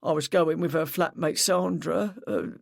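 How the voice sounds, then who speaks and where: A man's voice: fairly high pitch, unhurried, vocal fry, no echo, clean studio sound. Narrator voicing a curt, sullen young cyclist man. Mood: flat. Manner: flat, curt, mumbling replies.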